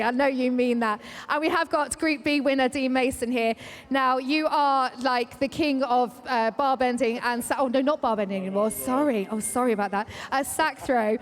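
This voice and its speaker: A woman's voice: sits high, fairly quick, hardly any pauses. A woman reporter interviewing athletes in a bubbly, teasing way. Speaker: trackside reporter. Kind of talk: sports interview. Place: indoor arena. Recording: reverberant arena.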